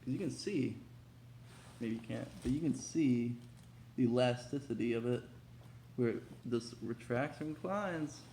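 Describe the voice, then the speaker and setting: A young man hosting a casual unboxing vlog, talking in an excitable, slangy, hyped way. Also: mid-range voice, measured pace, long pauses, slight background noise. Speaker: vlogger. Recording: echoey room.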